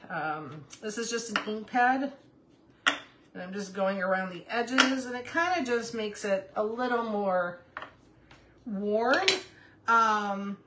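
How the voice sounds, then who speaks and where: Against a noisy background, a woman with a voice on the high side hosts a laid-back crafting livestream. She's in her fifties, chatty, reading viewer comments aloud and calling out to her puppy.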